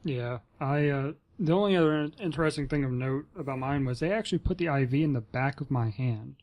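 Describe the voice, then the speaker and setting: Male podcast co-host, relaxed and plain-spoken, mid pitch. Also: brisk. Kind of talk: casual chat.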